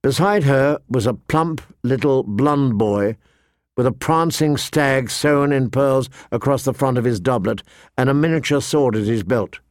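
Guy reading a story out loud, even middle voice, dead dry mic. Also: mid-range voice, measured pace, no room sound. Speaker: audiobook narrator. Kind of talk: scripted narration.

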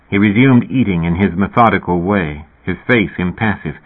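A man narrating an audiobook in a slow, deliberate way. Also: sits low. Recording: tinny phone-like sound.

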